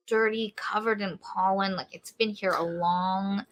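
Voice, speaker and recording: A woman's voice: medium pitch, steady tone, a little slow, slight background noise. A woman co-hosting a podcast, casually retelling a novel's plot and acting out the characters' lines. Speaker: podcast co-host. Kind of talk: casual book review chat.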